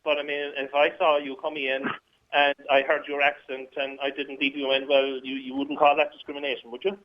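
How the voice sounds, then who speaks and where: A man's voice: mid-range voice, little pitch movement, fairly quick. A man calling in to a radio show, sarcastic and mocking as he argues. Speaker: caller. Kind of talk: heated radio phone-in argument. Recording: dull phone line.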